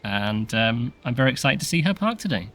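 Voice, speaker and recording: A man's voice: medium pitch, very animated, brisk, fairly bright tone. A man hosting a casual video game park tour, chatty and playful, laughing often. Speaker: channel host.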